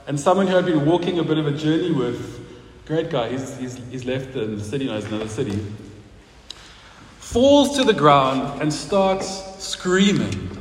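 A man's voice: on the high side, very animated, moderate pace. A man preaching a sermon in a church hall, talking conversationally and putting questions to the congregation. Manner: conversational, asks the congregation questions, laughs at own stories. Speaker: pastor. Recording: roomy hall with long reverb, faint noise.

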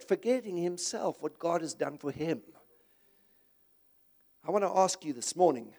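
High-voiced preacher. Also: male voice, lively intonation, moderate pace. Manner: impassioned, conversational preaching with emphatic repetition. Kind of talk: sermon.

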